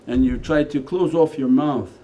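A man teaching as a Sufi teacher in a spiritual lecture, talking conversationally and moving between quiet asides and emphatic lines. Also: mid-range voice, moderate pace. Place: meditation center hall.

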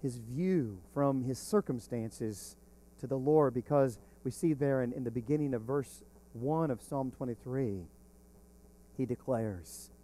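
A man preaching a sermon as pastor, slow and emphatic, swelling on key words. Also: on the high side, a little mellow.

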